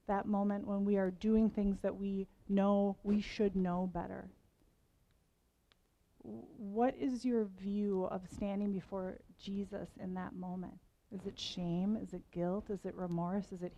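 A woman's voice: medium pitch, mellow, highs cut off. A woman in her forties giving a conversational sermon to a women's gathering, candid and self-mocking, laughing between lines. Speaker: women's event speaker.

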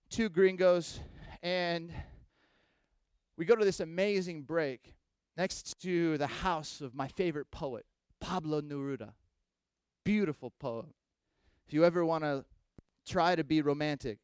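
Animated high-voiced man preaching. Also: unhurried, smooth, dry recording. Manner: animated storyteller, swings between loud bursts and hushed asides. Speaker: pastor. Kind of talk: sermon with storytelling.

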